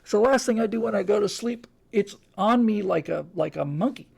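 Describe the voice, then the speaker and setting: A man's voice: sits high, fairly quick, gravelly, a little mellow, slightly rough. A man hosting a podcast, talking in a casual, emphatic monologue with frequent restarts. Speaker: podcast host.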